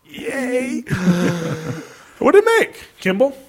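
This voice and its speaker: Animated, lively podcast host, man. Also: a little high, normal speed. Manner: animated, sarcastic, laughs a lot. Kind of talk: casual chat.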